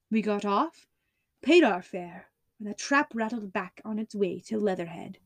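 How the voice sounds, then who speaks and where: A woman narrating a classic story as an audiobook reader, in an even, clear storytelling voice. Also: mid-range voice, a little slow, no echo. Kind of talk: scripted narration.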